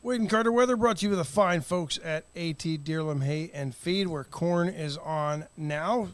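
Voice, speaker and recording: A man's voice: on the high side, dry recording. A Texan man co-hosting a morning talk show in a studio, chatting in an opinionated, conversational way. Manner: opinionated, conversational, quick to laugh. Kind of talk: casual morning talk radio chat.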